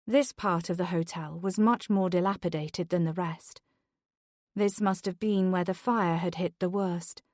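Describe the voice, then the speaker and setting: Slow, measured woman narrating a thriller. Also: on the low side, dry recording, studio quality. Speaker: audiobook narrator.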